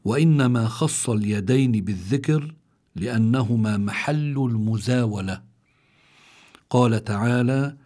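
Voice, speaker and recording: A man teaching Quran recitation, reading out explanations in a measured way. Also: medium pitch, dark tone, slightly rough. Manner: measured, reads citations slowly.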